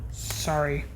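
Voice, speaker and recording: Very slow, halting woman teaching keyboard. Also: mid-range voice, dark tone, a little hiss or hum. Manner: halting, often correcting herself and apologizing. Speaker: keyboard instructor. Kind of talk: casual keyboard demonstration.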